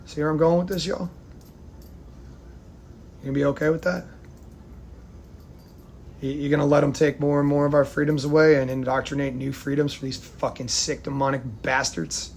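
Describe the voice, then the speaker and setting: A man from the United States delivering an angry, profane rant to camera, swinging between loud outbursts and hushed, near-whispered lines. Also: a little high, flat delivery, normal speed, gravelly, pauses often, slight background noise. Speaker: vlogger.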